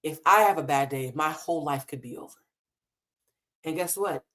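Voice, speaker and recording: A woman's voice: deep voice, normal speed, fairly bright tone. Impassioned woman hosting a live stream. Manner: impassioned, emotional, swears freely. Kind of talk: casual live stream commentary. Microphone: desk mic in a hotel room.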